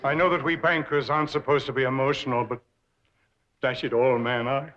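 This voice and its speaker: Actor playing a pompous, gushing banker. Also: male voice, mid-range voice, fairly even intonation, fairly quick, fairly bright tone, close to an everyday voice. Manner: grandiose, oratorical praise. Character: pompous middle-aged rival banker, theatrical and gushing. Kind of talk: 1960s TV sitcom acting. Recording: dull old TV audio with heavy hiss.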